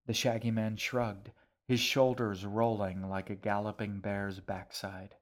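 A man narrating a story as an audiobook in a measured, expressive reading. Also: on the low side. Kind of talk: scripted narration.

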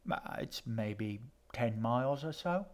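A man's voice: medium pitch, animated, slow. A man voicing a sardonic, shifty young guide with a dry, sarcastic delivery.

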